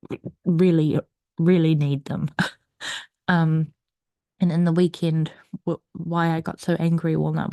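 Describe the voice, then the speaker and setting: A young adult woman hosting her own podcast, talking candidly and at length about her week, with restarts and soft laughs. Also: deep voice, no room sound, clean studio sound. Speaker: podcast host. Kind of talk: personal confessional monologue.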